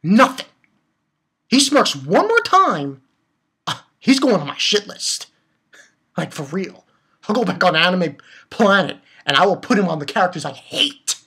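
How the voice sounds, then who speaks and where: Husky, fairly low, and fairly bright in tone, a woman who reviews anime rants about a manga chapter. She gets heated and profane, speaks bluntly, and keeps circling back to the same points for emphasis.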